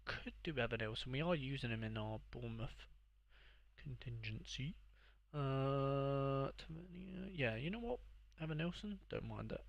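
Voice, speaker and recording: A man's voice: mid-range voice, expressive, normal speed, gravelly, no room sound. A young man streaming live, rambling and sarcastically mocking himself as he chats. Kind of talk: live gaming stream chat.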